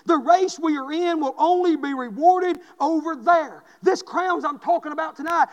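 A man, preaching a fervent sermon and building to shouted peaks with repeated refrains. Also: extremely high pitch, moderate pace, few pauses, in a large hall, dull audio. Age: 40s.

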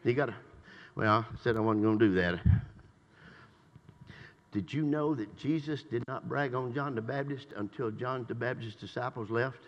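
An older man preaching a sermon in a church. He swings between shouted praise and low, conversational asides. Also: moderate pace, muffled recording. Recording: long reverb in a church hall.

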